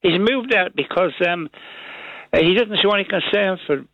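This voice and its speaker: A man's voice: sits high, normal speed, no echo. A man calling in to a talkback radio show, talking in a hesitant, rambling way with many restarts. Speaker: caller. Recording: muffled phone line.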